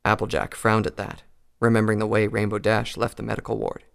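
A man reading a pony fan fiction story aloud in a calm, even storytelling voice. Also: fairly low pitch, a little fast, vocal fry, clear, resonant tone. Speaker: narrator.

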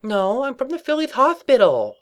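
A man doing a squeaky lisping little filly pony. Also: fast, natural voice. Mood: earnest. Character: small timid young filly pony messenger.

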